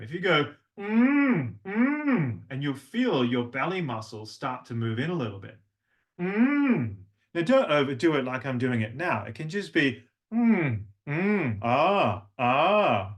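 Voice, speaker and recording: A man leads an online voice workshop, speaking at an ordinary middle pitch. He explains breath and tone in a chatty way, often restarting his sentences. The sound is a plain video call mic. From Australia. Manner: demonstrates humming and vocal tones, chatty with restarts. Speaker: voice and language coach. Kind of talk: online workshop lecture with vocal demonstrations.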